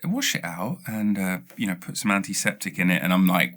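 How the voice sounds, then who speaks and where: A man's voice: deep voice, fairly quick. A man with a British accent, hosting a podcast and telling a rambling comic story with lots of stutters and restarts. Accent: British English. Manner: rambling, animated, self-interrupting with stutters. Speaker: podcast host. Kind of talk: casual comedic storytelling.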